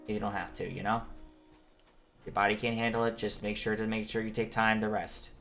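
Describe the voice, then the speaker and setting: A woman's voice: extremely low pitch, level tone, a little fast, fairly bright tone, soft background music. A woman streamer giving casual commentary while playing a game, laughing often and swearing when surprised.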